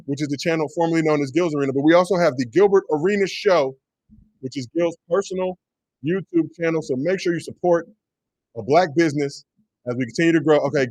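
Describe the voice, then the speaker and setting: A man in his forties co-hosting a casual sports livestream, joking and giving shout-outs to the chat. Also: a little high, no room sound. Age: 40s. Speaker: co-host.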